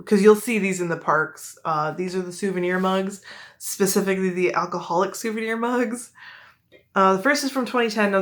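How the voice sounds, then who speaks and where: A collector shows off her mugs in an easygoing show-and-tell, a young woman with a Midwestern accent whose low-leaning voice has a fairly bright tone. She rambles along, using many fillers and frequently correcting herself.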